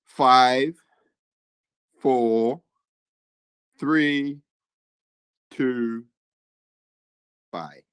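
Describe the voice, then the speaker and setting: A man's voice: mid-range voice, steady tone, drawn-out words, long pauses, a bit bright, clean tone, dry recording, poor audio. Chatty man reading out stream chat. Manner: reads chat aloud, repeats himself, chuckles. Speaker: livestream host. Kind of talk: casual livestream chat.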